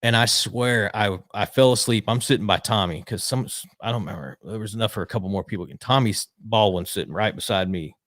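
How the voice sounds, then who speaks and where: Animated man telling a story. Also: fairly low pitch, a little fast, few pauses, no echo, clean studio sound. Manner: animated, acts out quotes, swears casually. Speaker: retired pit crew member, guest. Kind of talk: casual storytelling.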